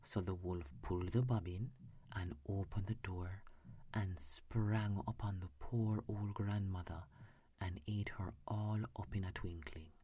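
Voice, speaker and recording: A woman narrates a bedtime fairy tale in a soft, hushed whisper. Her voice sits low and dark and moves very slowly, with a husky edge. The sound is close and dry. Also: fairly even intonation, no room sound. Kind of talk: whispered bedtime story reading.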